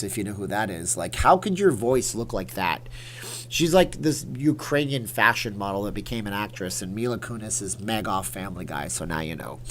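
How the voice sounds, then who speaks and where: A man's voice: lowish voice, a bit bright, slight background noise. A man hosting a casual livestream, chatting in a rambling, opinionated way while answering viewer comments. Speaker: livestream host.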